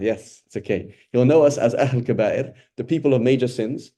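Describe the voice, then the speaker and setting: A man's voice: mid-range voice, moderate pace, hardly any pauses, mellow. A man giving an informal Quran study talk as a religious teacher, speaking conversationally with rhetorical questions and a frequent "right?".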